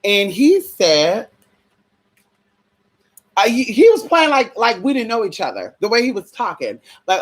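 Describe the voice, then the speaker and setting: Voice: mid-range voice, sing-song, normal speed, long pauses, fairly bright tone, husky. A vlogger telling a story in a casual, profane, chatty way, calling viewers y'all, girl and honey.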